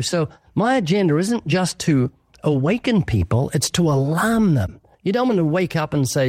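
This studio-quality clip has no room sound and features a man whose voice sits a little high and a little mellow, animated and at a normal pace. As an evangelist being interviewed, he preaches with earnest emphasis, illustrating his answer with short acted-out quotes.

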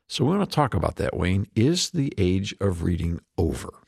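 A man hosting faith-based political commentary in a measured manner, with the odd filler. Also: sits low, very animated, vocal fry, a little mellow, breathy edge, no room sound, studio quality. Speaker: talk show host.

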